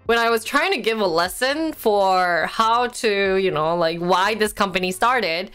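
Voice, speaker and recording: A woman's voice: medium pitch, animated, a little slow, a bit bright, clear, resonant tone, soft background music. A young woman chatting casually on a live stream, rambling and poking fun at herself. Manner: chatty, rambling, self-mocking.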